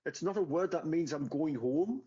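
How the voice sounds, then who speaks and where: A man's voice: fairly high pitch, animated, moderate pace, highs cut off, crowd noise. A man from northeast England, chatting casually and matter-of-factly as a podcast co-host. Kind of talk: casual chat.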